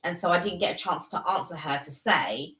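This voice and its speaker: A woman's voice: fairly low pitch, a little fast, fairly bright tone, reverberant, low-quality recording. A woman co-hosting a live stream, chatting casually and telling stories. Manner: chatty storyteller, many fillers and restarts.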